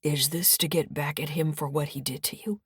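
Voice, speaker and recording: A woman playing a calm, low-voiced grown son. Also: brisk, husky, no room sound, clean studio sound. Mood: surprised. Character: man, the narrator's son, calm and questioning.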